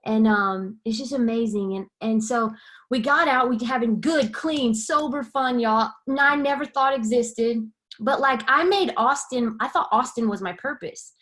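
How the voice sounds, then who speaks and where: A woman's voice: on the high side, measured pace. Candid young woman telling her story. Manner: candid, animated storytelling with quoted dialogue. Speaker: guest sharing her testimony. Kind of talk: personal testimony.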